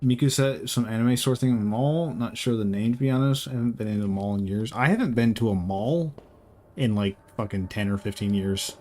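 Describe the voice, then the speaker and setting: A lowish, dark-toned male voice moves fairly quickly as its owner streams a game. He talks profanely and casually with his live chat, rambling along and cracking jokes.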